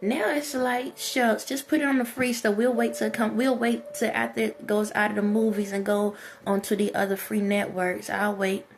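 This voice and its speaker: A woman's voice: medium pitch, moderate pace, gravelly, few pauses, slight background noise. A woman with a Chicago accent ranting to her viewers in a casual vlog, firing off rhetorical questions and getting more and more worked up. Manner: animated, rhetorical questions, talks straight to viewers. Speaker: vlogger. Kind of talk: casual opinion rant.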